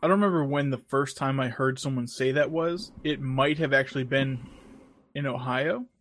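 A man's voice: medium pitch, moderate pace, a bit bright. A man in a casual podcast chat, dropping dry, wry remarks.

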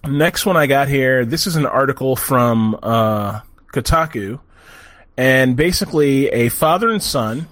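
A man hosting a casual chat, telling stories in an animated, profane way. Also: mid-range voice, measured pace. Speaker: podcast host.

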